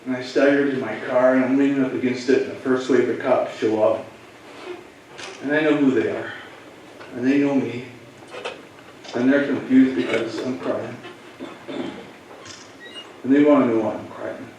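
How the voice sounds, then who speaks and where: A man, a police officer, telling students a personal story in a halting, emotional way. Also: medium pitch, fairly even intonation, a little mellow, muffled recording, a little hiss or hum. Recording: echoey room, voice from far off.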